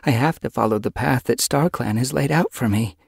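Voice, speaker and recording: A man's voice: medium pitch, fairly quick, vocal fry, slightly rough, no echo, clean studio sound, pitched above the performer's own voice. A man voicing a young female medicine cat, speaking with strained emotion and pleading. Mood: resolute.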